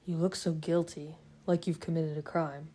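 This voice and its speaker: A calm young vampire husband who teases in a low, quiet, even voice, read by a woman. The tone is dark and mellow, and it stays measured throughout this storybook reading. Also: slight background noise, natural voice. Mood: teasing.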